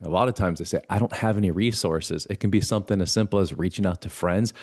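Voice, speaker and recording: A man's voice: deep voice, quick pace, a little mellow, dry recording, studio quality. A man guest on a talk show, telling his story earnestly and acting out the voices of himself and a mentor. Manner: earnest, acts out quoted dialogue with himself and a mentor. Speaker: podcast guest. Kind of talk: conversational storytelling.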